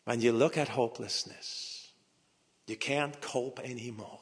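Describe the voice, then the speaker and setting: Slow, dramatic preacher man in a reverberant hall. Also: medium pitch, fairly even intonation, slightly rough. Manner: dramatic preaching that swings from hushed whispers to raised emphatic lines; slow and deliberate with repeated phrases. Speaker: pastor. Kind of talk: sermon.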